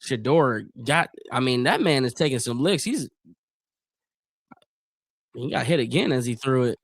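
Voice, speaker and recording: A man from Northeast Ohio hosting a live stream, calling football plays and chatting casually in slangy talk, his voice a little worn and clearing his throat often. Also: mid-range voice, expressive, measured pace, no echo, studio quality. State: losing his voice a bit. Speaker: livestream host doing play-by-play. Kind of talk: casual live play-by-play and chat.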